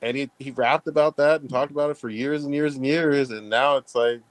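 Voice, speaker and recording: A man's voice: medium pitch, fairly even intonation, a little fast, dry recording. A man hosting a casual podcast chat, blunt and heavy on profanity, talking with emphasis. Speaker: podcast host.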